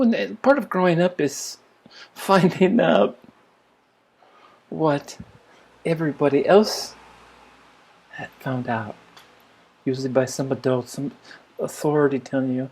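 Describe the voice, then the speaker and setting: An older man telling a childhood story in a reflective spiritual talk, musing and rambling with restarts and soft laughs. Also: a little high, unhurried, pauses often, breathy edge. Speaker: spiritual teacher.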